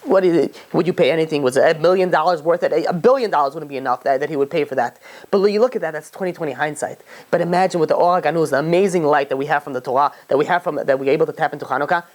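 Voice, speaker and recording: A rabbi giving a storytelling sermon, who acts out the voices of the people in the story. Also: male voice, on the high side, rapid-fire.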